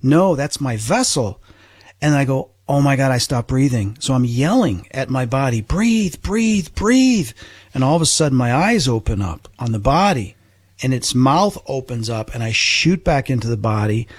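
A man's voice: mid-range voice, lively intonation, normal speed, slightly rough, no room sound, clean studio sound. A male host chatting casually and telling his own experience with animation. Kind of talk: casual interview chat.

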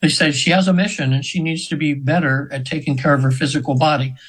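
A man's voice: fairly high pitch, steady tone, fast talker, a bit bright, slightly rough, low-quality recording. A man in his seventies, a hypnotherapist telling a story as a guest in an interview, earnest and rambling with many restarts. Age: 70s.

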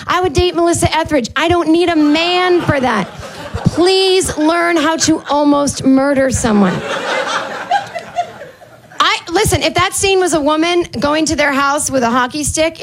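A woman's voice: sits high, a little hiss or hum. A woman performing a stand-up comedy routine, chatty and sarcastic, acting out little voices.

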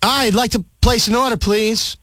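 A man making a radio prank call, feigning confusion with halting, hesitant speech. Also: very high-pitched, steady tone, heavy background noise. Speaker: prank caller.

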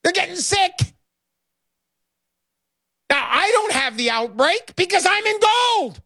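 A man's voice: very high voice, big pitch swings, takes it slowly, sharp tone, no echo. A middle-aged man hosting a radio talk show, brash and emphatic, repeating his lines for effect. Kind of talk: talk radio with sales pitch.

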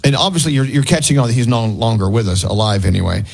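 Husky-voiced jokey radio host man. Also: mid-range voice, lively intonation, quick pace, poor audio. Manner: chatty, jokey, laughs easily. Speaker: radio morning show host. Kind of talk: casual radio chat. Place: radio studio.

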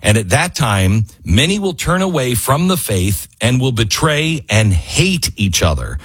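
Male radio talk host, husky, voice swings wide when worked up, fiery monologue. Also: medium pitch, big pitch swings, a little slow. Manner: rising to near-yelling, fiery and exasperated. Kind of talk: impassioned political monologue. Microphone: studio microphone.

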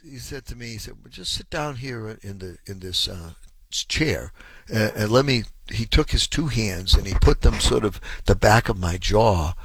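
A man's voice: fairly low pitch, breathy edge, no room sound. A man in his sixties hosting a call-in radio show, telling a long anecdote in a rambling way, full of ums and chuckles. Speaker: radio talk show host.

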